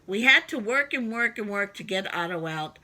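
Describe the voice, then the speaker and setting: A woman reading a children's story aloud, with expressive, sing-song emphasis. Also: mid-range voice, moderate pace. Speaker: storybook reader.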